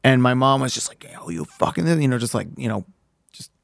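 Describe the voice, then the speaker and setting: A man on a podcast recounting a painful family story in a halting, candid way, restarting sentences and swearing casually. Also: medium pitch, steady tone, gravelly, dry recording, studio quality. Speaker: podcast co-host.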